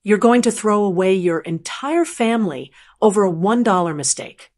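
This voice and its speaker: Woman reading an indignant, shouting middle-aged son. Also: medium pitch, expressive, moderate pace, natural voice. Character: angry grown son, middle-aged man, hot-tempered.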